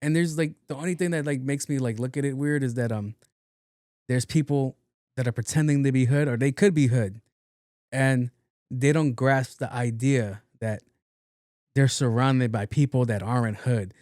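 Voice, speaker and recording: A young man hosts a casual solo podcast. His talk is loose and full of profanity, rambling through fillers at a mid pitch. The sound is close and dry, with no room in it. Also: moderate pace, darkish tone, no echo. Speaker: podcast host.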